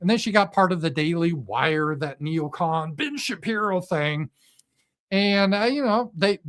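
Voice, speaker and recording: A man's voice: high voice, lively intonation, unhurried, a bit bright. A man giving an opinion commentary monologue in a sarcastic, mocking manner. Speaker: political commentator.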